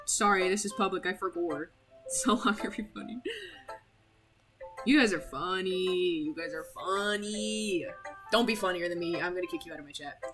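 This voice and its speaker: A woman's voice: lowish voice, normal speed, music in the background, low-quality recording. A young woman streaming a game, chatting in a playful, giggly, rambling way. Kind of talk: casual live-stream chat while playing a game.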